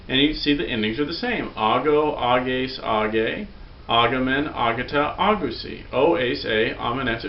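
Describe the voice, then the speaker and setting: A man's voice: on the high side, slight background noise. Patient man teaching in a roomy, dull recording. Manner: patient, drills forms aloud for repetition. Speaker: Greek teacher. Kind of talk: recorded lesson.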